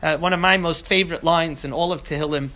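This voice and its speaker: A man teaching a class on scripture, talking in an animated way with many restarts and asides. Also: a little high, quick pace.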